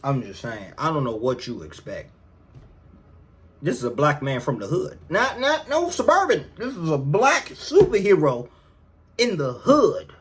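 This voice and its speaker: Brief: man, casual comedy co-host, very lively pitch, swings between grumbling and shouting. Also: measured pace. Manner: loud, animated, swings from low mutter to high shouts.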